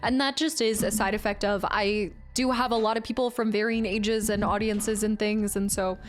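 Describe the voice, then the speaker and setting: A young woman game streamer chats casually with her viewers, reading comments, answering chat by name, and laughing often. Her voice is medium-pitched with fairly even intonation, and she speaks at normal speed.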